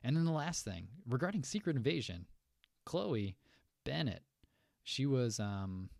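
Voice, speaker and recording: A man's voice: medium pitch, sing-song, unhurried, gravelly, a little mellow, dry recording, studio quality. A man hosting a fan news show, chatting loosely with many fillers and asides, answering viewers from the chat. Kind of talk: casual commentary reading chat.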